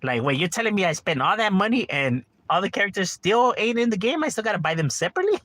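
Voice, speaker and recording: A man's voice: high-pitched, big pitch swings, quick pace, fairly bright tone. A middle-aged man streaming a game from home, ranting casually with lots of profanity and constant "bro.". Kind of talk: casual livestream rant.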